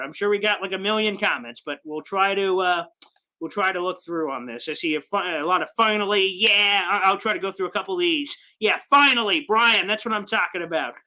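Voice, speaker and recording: A young man hosting a sports fan livestream, reading chat comments with hyped, shouty excitement. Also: high-pitched. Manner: hyped, shouting bursts of celebration.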